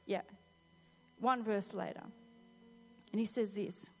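A woman preacher giving a lively storytelling sermon, speaking directly to the congregation. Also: a little high, unhurried, pauses often. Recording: reverberant hall, faint music.

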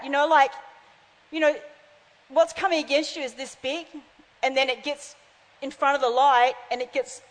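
A woman in her fifties preaching a sermon, telling stories and acting out the voices in them. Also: high-pitched. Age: 50s. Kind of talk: sermon with storytelling. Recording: long hall reverb.

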